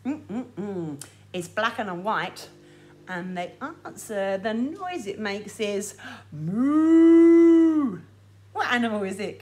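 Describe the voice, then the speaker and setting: A woman leading a children's lesson, animated and sing-song, talking straight to little ones outdoors. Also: mid-range voice. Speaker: children's music teacher. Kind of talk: lively children's lesson with songs. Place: outdoors in sunshine.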